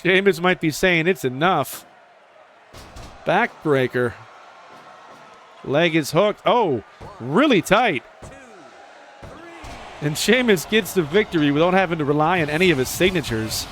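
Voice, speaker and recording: A man giving casual play-by-play commentary over a video game wrestling match, excitable, jumping up in pitch on the big moves. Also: normal speed, long pauses, slight background noise.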